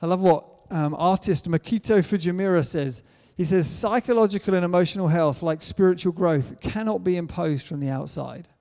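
A man with a high-sitting voice and a dark tone preaches a sermon earnestly in a church hall, building toward emphatic declarations. The recording carries the hall's reverb.

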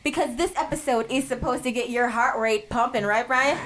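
High-voiced playful woman podcast host. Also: brisk, fairly bright tone. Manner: playful and blunt, laughs often. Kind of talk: casual comedic podcast chat.

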